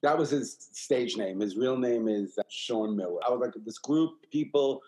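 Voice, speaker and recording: NY guy, 50s, guest storyteller, lively and repetitive. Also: medium pitch, moderate pace, low-quality recording. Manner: animated, repeats himself, acts out quoted voices. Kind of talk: candid interview storytelling.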